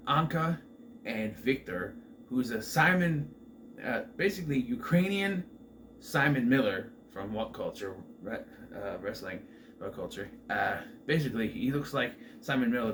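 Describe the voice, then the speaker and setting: A man's voice: medium pitch, animated, normal speed, fairly bright tone, slight background noise. A man casually reviewing a horror movie, rambling and offhand, swearing freely as he recaps the plot.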